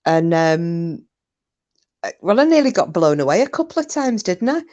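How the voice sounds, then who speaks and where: Woman host, lower voice, chatty, laughing, salty-tongued. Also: very animated, normal speed, darkish tone, lo-fi sound. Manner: chatty, laughs often, swears casually. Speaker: live stream host. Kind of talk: casual chat reading viewer comments. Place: home, windy day.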